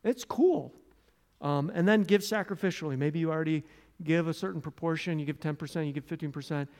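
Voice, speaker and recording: An American pastor delivers a conversational sermon at a fairly quick pace, with restarts and asides. He gets loud and animated while telling stories but turns soft and low when he prays.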